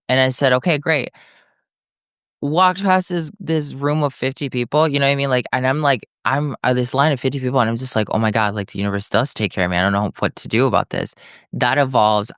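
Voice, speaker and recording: A man's voice: mid-range voice, clean tone, no echo, clean studio sound. A young man, a podcast guest, telling his story in conversation and acting out what others said to him. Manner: animated storytelling, acting out other people's lines, frequent "like".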